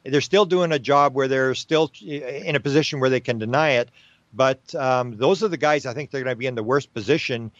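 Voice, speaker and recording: A man guest in an interview, talking in a casual, animated way with frequent fillers and restarts. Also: medium pitch, brisk, dry recording, highs cut off. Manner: animated, repeats himself, many fillers and restarts. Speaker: podcast guest.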